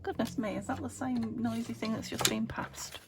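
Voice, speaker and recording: A British woman hosting a craft channel, chatting casually as she works, talking to her materials with murmured asides and a slightly croaky voice. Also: fairly high pitch, steady tone, normal speed, background noise. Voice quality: a bit croaky. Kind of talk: casual chat while crafting.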